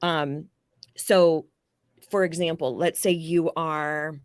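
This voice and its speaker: A woman life coach explaining ideas in a casual, animated podcast interview, with occasional swearing. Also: deep voice, takes it slowly, dry recording, studio quality. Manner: animated, explanatory, acts out quoted people.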